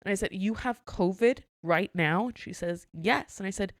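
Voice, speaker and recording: A woman's voice: mid-range voice, unhurried, no echo, studio quality. A woman co-hosting a podcast, telling a workplace story in casual chat and acting out the dialogue with frequent laughs. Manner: animated storyteller, acts out dialogue, laughs often. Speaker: podcast co-host.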